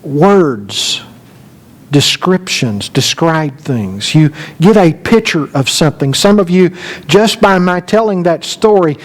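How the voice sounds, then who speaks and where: A middle-aged male preacher telling a folksy, animated story during a sermon. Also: on the high side, takes it slowly.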